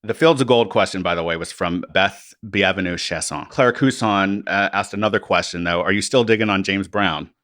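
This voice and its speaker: Young male interviewer, low pitch, bright tone, dry close mic. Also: moderate pace, hardly any pauses, dry recording. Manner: long, carefully hedged questions. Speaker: interviewer, former student. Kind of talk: casual interview questions.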